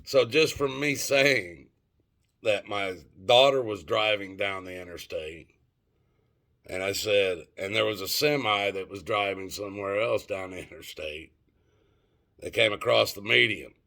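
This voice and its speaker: A man's voice: on the low side, measured pace, gravelly, bright, forceful tone. A middle-aged man telling a story and ranting to his viewers in a rambling, profane, casual way. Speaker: vlogger.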